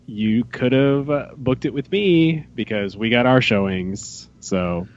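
A man hosting a fan podcast, chatting casually and excitedly with rambling asides. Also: medium pitch, takes it slowly. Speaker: podcast host. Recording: dull lo-fi podcast mic.

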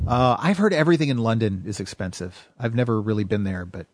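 A man's voice: lowish voice, quick pace, no echo. American man, podcast host, rambling casual talk, dry close sound. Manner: chatty, rambling with many fillers and restarts.

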